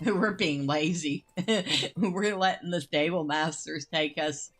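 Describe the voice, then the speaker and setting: Her voice is deep with a fairly bright tone as this woman hosts gameplay, keeping up relaxed, chatty commentary. Taking her time, she thinks out loud and laughs readily.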